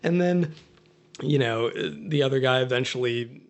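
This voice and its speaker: A man's voice: medium pitch, a little slow. Rambling man recounting movie scenes. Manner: rambling retelling with many fillers and restarts. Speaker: guest film buff. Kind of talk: casual podcast chat.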